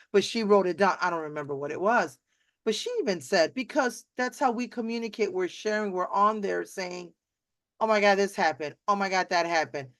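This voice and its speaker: A middle-aged woman hosting a live video chat, rambling warmly with many restarts and acted-out quotes. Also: mid-range voice, no room sound. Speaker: host. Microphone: video call.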